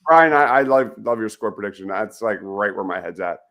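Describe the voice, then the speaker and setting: A man's voice: lowish voice, expressive, fairly quick, fairly bright tone. A man hosting a casual sports podcast, hesitant at first and then emphatic in his opinions. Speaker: podcast host.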